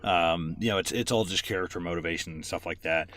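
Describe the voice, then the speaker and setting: A man with a deep, low voice chats casually on a movie podcast. He recaps scenes in a loose, rambling way, full of "um" and "you know" and the odd curse. The sound is close and dry, with no room in it. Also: fast, fairly bright tone, no room sound. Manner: rambling recaps with many fillers, swears a lot. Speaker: podcast co-host.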